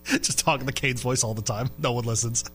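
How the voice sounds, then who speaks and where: A man's voice: mid-range voice, steady tone, fast, fairly bright tone, soft background music. A man hosting a sports radio show, chatting loosely and laughing often while reading listener texts. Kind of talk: casual sports radio chat.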